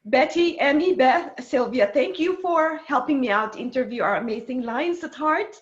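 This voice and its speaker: A woman's voice: high-pitched, animated, moderate pace, dull audio. A woman hosting a live online show and closing it with effusive, emotional thanks. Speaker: show host and author.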